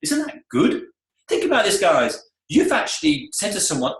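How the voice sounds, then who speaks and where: Male coach, upbeat seminar delivery with a swooping, lively pitch and a fairly high voice, echoey room. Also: brisk. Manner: animated, acts out client and staff voices. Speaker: salon coach.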